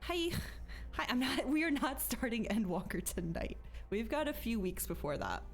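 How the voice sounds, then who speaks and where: A woman streamer chats casually with her viewers while playing, her voice a little high and emotional. She laughs often and sounds close to tears. Soft game music plays underneath. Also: expressive, normal speed. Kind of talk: casual live-stream chat.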